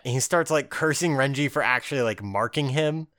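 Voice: medium pitch, brisk, fairly bright tone, dry recording, studio quality. A podcast co-host in casual recap chat, laughing often, swearing freely and acting out the characters' lines.

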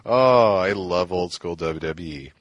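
A man's voice: low voice, measured pace, no echo, dull audio. Enthusiastic man retelling stories. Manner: enthusiastic, laughs often, recounting events. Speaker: podcast co-host. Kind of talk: casual storytelling chat.

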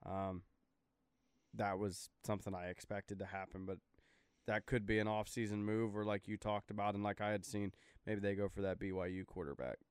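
Casual young male co-host, smooth and resonant, close dry mic, rambling delivery. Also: lowish voice, level tone, normal speed, no room sound. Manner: loose, rambling, filler-heavy talk. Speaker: podcast co-host. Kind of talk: casual sports chat.

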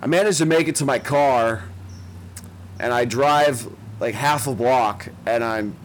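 A man's voice: medium pitch, a little slow, a little hiss or hum, low-quality recording. A young man, telling a long story in casual chat, with a lot of swearing and self-mocking asides. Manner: profane, rambling, self-mocking.

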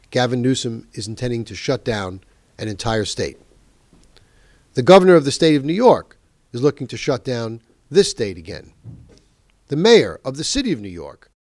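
Guy doing a heated talk radio rant, punches his words, dead dry mic, middle pitch. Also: a little mellow, no room sound. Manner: emphatic, indignant, stresses words slowly. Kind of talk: political commentary monologue.

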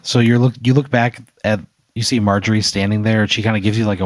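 A man's voice: on the low side, fairly even intonation, fast, no echo. A man hosting, narrating an improvised hypothetical scenario in second person, loose and rambling with fillers. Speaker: host.

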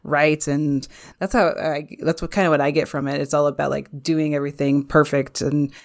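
A woman's voice: deep voice, level tone, moderate pace. A woman co-hosting a casual film discussion, giggly and hesitant, with lots of fillers. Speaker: podcast co-host.

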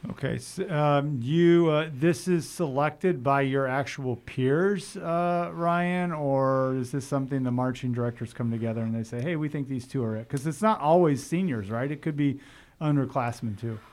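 A middle-aged man, a school principal, hosting a casual podcast interview with students, talking in a friendly, halting way with many fillers. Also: mid-range voice, darkish tone.

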